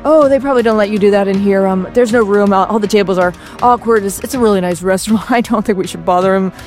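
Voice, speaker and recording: A woman's voice: medium pitch, quick pace, a little mellow, faint music behind, lightly acted. A woman voicing a nervous man who rambles in a comic storybook reading. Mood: flustered. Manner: rambling, flustered.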